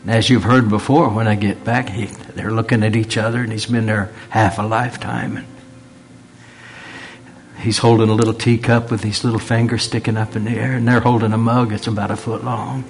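A man's voice: lowish voice, flat delivery, fairly quick, gravelly. A man preaching a sermon in an earnest way, repeating phrases for emphasis and dropping in humorous asides.

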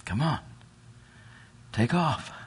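A preacher voicing friendly wild ducks. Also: male voice, medium pitch, expressive, extremely slow, slightly rough, voice pushed up, heavily acted. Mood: coaxing.

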